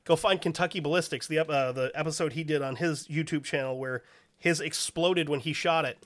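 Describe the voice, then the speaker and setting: A man hosts a podcast, rambling through a story in loose, profane chat. His voice sits a little high. He swears freely and circles back on himself. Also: a little fast, a bit bright. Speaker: podcast host. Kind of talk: casual chat.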